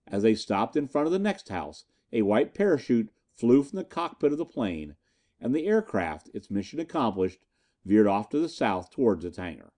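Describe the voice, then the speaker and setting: Brief: male storyteller for a pulp audiobook, warm and expressive. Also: medium pitch. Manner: lively storytelling. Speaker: narrator. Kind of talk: audiobook reading of pulp fiction.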